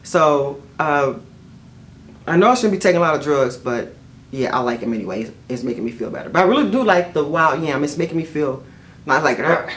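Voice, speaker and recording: A middle-aged woman, telling stories to camera in a chatty, expressive way and often saying "y'all.". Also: deep voice, a little fast, a little hiss or hum. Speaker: vlogger. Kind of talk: casual storytelling to camera.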